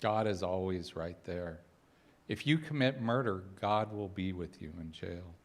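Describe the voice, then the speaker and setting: Animated middle-aged man giving a talk. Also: deep voice, measured pace. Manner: conversational storytelling with humorous asides. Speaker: spiritual speaker. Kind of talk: personal sermon talk.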